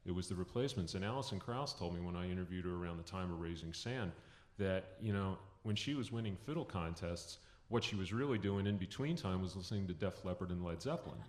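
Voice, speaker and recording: A man's voice: low-pitched, animated, fast. A man interviewing a guest onstage, asking long, thoughtful, winding questions. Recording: echoey room.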